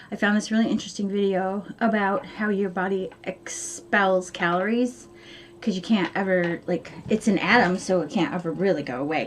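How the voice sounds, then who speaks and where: A woman talks to her camera at home, rambling and chatty, stopping often on fillers. Her pitch sits in a middle range. A faint noise runs under the recording. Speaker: vlogger. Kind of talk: casual chat to camera.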